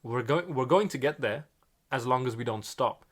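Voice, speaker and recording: A man's voice: medium pitch, normal speed, breathy edge. A young man from India with an Indian accent mixed with British and American tones, earnestly reflecting as a podcast co-host. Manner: earnest, with frequent restarts.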